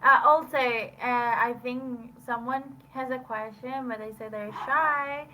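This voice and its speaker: A woman's voice: on the high side, fairly even intonation, unhurried, sharp tone, rough recording. A woman hosting a language-learning video call, upbeat and encouraging, asking guests questions. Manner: upbeat, switches to Spanish. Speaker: host of a language-learning server.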